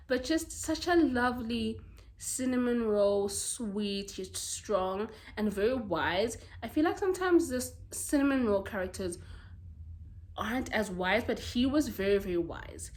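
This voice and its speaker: A woman's voice: on the high side, measured pace. A young woman from South Africa chatting casually about romance books, gushing and dramatic, with playful asides. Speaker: book vlogger. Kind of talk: casual chat.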